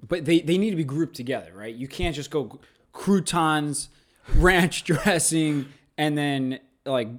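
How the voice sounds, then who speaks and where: Male podcast co-host, slightly higher voice, playful banter and mock deliberation. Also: measured pace. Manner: playful, mock-pondering, laughs often. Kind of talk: casual banter.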